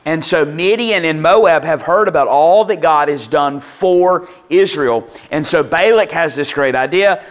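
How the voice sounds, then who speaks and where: A man gives a sermon in an easy, conversational way. His voice sits a little high for a man. He breaks off into asides and brings quoted lines to life. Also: a little slow, few pauses. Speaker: pastor.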